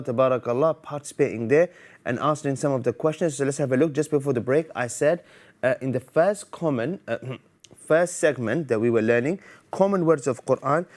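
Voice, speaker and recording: A man hosting a live TV Quran lesson for children, playful and teasing, quizzing the viewers and mixing Arabic phrases into his English. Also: mid-range voice. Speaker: TV Quran teacher and host. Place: TV studio.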